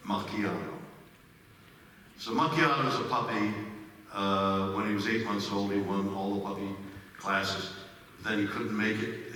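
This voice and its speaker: An older man telling an animated anecdote on stage, his voice climbing high when excited. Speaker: guest speaker. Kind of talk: storytelling on stage. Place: large cinema hall with audience. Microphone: stage microphone, recorded from the audience. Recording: roomy hall from far off, faint noise.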